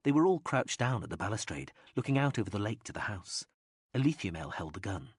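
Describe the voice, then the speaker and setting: A man narrating an audiobook in a lively, expressive reading style. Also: on the low side, a little fast, husky, no room sound, studio quality. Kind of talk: scripted narration.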